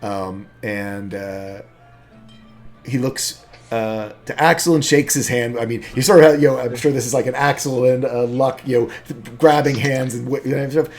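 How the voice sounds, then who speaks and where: A man's voice: mid-range voice, moderate pace, a little mellow, soft background music. Rambling male game master. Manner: rambling, many fillers. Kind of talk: narrating a tabletop game.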